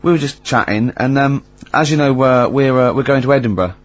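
A man's voice: medium pitch, lively intonation, brisk. Chatty male radio host, muffled. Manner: chatty storyteller, laughs often, many fillers. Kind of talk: casual radio banter.

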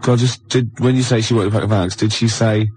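A man's voice: on the low side, steady tone, brisk, a little mellow, slight background noise, poor audio. A man hosting casual comic banter, who throws in dry, sarcastic interjections.

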